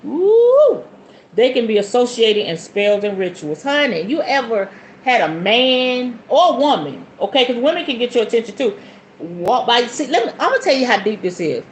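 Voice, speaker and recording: A woman's voice: a little high, roomy sound, slight background noise, rough recording. Chatty woman in her forties. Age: 40s. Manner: chatty, animated, calls listeners honey and y'all; sudden whoops and shifts between fast and slow. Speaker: podcast host. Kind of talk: casual spiritual podcast chat.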